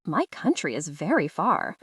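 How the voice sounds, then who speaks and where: A woman voicing a shy, persistent young male foreign student who speaks halting, broken English. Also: deep voice, big pitch swings, fairly bright tone, breathy edge, dry recording, studio quality, distant mic, exaggerated voice. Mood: earnest.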